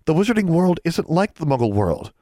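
Earnest rule-following schoolgirl, read by a man, high, reproachful, dry close sound. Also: sing-song, fairly quick, mellow, no room sound. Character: cautious, rule-minded schoolgirl. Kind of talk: audiobook character voice.

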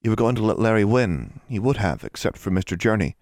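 A man voicing a timid, sickly young schoolgirl witch who speaks quietly, in an audiobook. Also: lowish voice, very animated, brisk, dry recording, clean studio sound. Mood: earnest. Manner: quiet, soft.

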